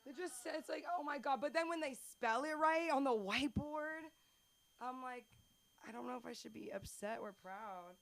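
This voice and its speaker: A woman hosts an open mic night in a small comedy club, rambling through stand-up bits and poking fun at herself. Her voice sits a little high for a woman. She talks in loose, chatty bursts. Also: normal speed, a bit bright. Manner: chatty, rambling, self-deprecating.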